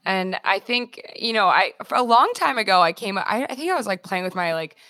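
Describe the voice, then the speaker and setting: A woman's voice: medium pitch, expressive, a little fast, sharp tone, dry recording, clean studio sound. A woman host and fitness instructor chatting casually, full of fillers and fond of analogies. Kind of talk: casual interview chat.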